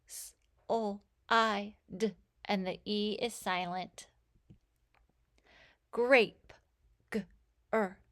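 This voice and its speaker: A woman teaching a phonics lesson, sounding out letters and words with slow, clear enunciation. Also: mid-range voice. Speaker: reading teacher.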